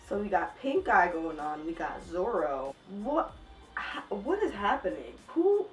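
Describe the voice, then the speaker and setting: A young woman reacts to what she reads in a vlog, exasperated and incredulous. Her pitch swings widely as she talks. She sits a little back from the mic in an echoey room. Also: big pitch swings, normal speed, recorded from a distance, faint music behind. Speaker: book vlogger.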